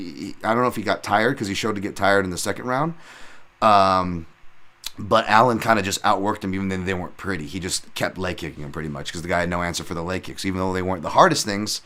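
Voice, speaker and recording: Low-voiced rambling male podcast host. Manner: rambling and animated, many fillers, acts out excited shouts when retelling. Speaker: podcast host and MMA analyst. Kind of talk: casual solo podcast recap.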